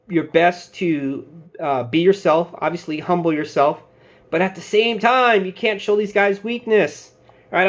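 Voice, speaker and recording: Casting note: man in his thirties, higher-pitched, relaxed advice-giving storyteller. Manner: loose storytelling, acting out quoted bosses and coworkers. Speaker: security channel host giving advice. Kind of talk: casual advice talk to camera.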